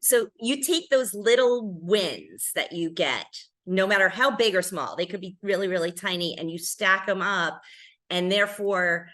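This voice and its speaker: A woman's voice: medium pitch, moderate pace, fairly bright tone. A woman hosting an interview, summing up her guest's points in an affirming, reflective way. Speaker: host.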